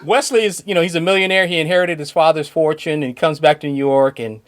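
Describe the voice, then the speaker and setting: A man's voice: a little high, fairly even intonation, fast. A man co-hosting a podcast in casual chat, talking enthusiastically and often laughing between points. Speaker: podcast co-host.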